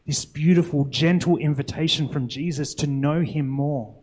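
A man's voice: a little high, moderate pace, a little mellow, breathy edge, low-quality recording. A young adult man preaching a sermon in an earnest, reflective way, often posing rhetorical questions to the congregation.

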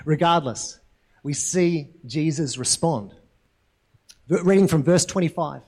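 A man preaching a sermon in a relaxed, conversational way who keeps checking in with his listeners by asking "right?". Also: fairly high pitch, unhurried. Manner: conversational, asks the congregation questions, frequent tag "right?". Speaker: pastor.

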